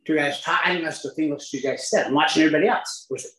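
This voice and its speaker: A man's voice: on the high side, racing, fairly bright tone. Wry older man, echoey room. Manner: wry, self-mocking humor, chuckling at his own story. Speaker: recovery speaker. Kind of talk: storytelling talk to a live audience.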